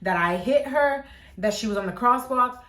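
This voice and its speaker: A woman vlogger telling a story in a casual, animated way, filling it with "like" and acting out quotes. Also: on the high side, moderate pace. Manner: animated, lots of "like", acts out quotes. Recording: echoey room.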